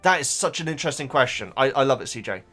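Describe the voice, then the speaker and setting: A man's voice: medium pitch, lively intonation, fast, a bit bright, husky, soft background music. A man hosting a casual reading reaction, rambling aloud and stumbling over repeated words as he thinks. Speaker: YouTube reaction host reading a book.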